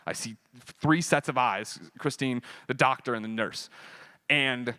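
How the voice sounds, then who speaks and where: A man speaking at a convention panel, telling a personal story in an animated, profane way and acting out the dialogue. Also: medium pitch, moderate pace, dry recording.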